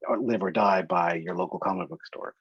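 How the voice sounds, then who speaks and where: A man's voice: low-pitched, sing-song, brisk, creaky, breathy edge, dry recording. A man in a class on a video call, cutting in to correct a point. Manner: interjecting, correcting. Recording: muffled dry lo-fi.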